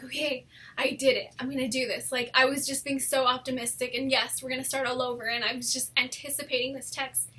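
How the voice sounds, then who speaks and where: A young woman telling a personal story in a casual, animated way, swearing often and saying "like" a lot. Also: sits high. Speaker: storytime vlogger.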